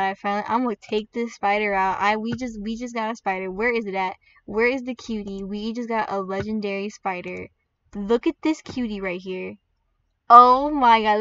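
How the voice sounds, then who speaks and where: A woman giving chatty, excitable commentary while playing a game, with squeals and laughs as she opens pets. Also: fairly high pitch, normal speed, no room sound, recorded from a distance, highs cut off. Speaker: gaming video creator. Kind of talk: gaming commentary.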